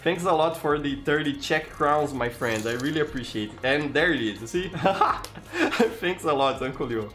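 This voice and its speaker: A man's voice: on the high side, brisk, few pauses. Brazilian guy streaming, kinda tired, lots of little restarts, faint music in the back. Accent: Brazilian Portuguese. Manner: greets viewers by name, frequent restarts, relaxed. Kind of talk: casual live-stream chat.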